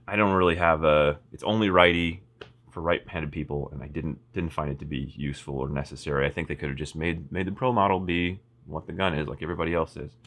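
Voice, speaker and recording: Low-voiced man rambling through a review. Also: a bit bright. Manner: rambling, many fillers and restarts, wry asides. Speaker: firearms reviewer. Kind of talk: casual product review.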